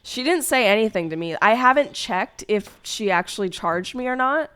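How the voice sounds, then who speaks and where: A woman's voice: a little high, expressive, moderate pace, a bit bright, clean tone. A young woman streamer chatting casually, telling a hurt story in a rambling way, with many fillers and restarts.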